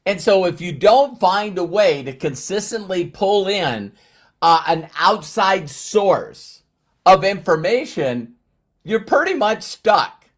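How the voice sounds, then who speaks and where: A man in his sixties giving a casual motivational talk, conversational with frequent fillers and slow, stressed phrases. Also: high-pitched, very animated. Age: 60s. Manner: conversational, fillers and slowed emphasis. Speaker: motivational speaker.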